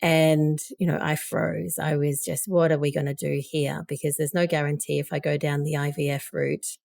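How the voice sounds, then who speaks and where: A woman's voice: sits low, level tone, moderate pace, gravelly, a little mellow, no echo, clean studio sound. A woman in her forties, a podcast guest, telling a personal story candidly and with emotion. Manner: emotional, candid, quoting others.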